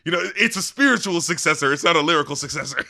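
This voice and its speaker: Podcast co-host, male, slightly high and very bright voice, rambling and animated. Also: fairly quick. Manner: animated, rambling, laughs often, acts out rap lines. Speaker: podcast co-host reviewing albums. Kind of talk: casual chat.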